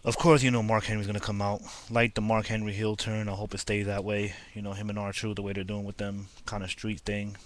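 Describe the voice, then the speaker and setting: A man's voice: lowish voice, little pitch movement, brisk, few pauses. A young man casually reviewing a wrestling show for his video channel, rambling with lots of fillers. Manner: rambling, laid-back, filler-heavy. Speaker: wrestling vlogger.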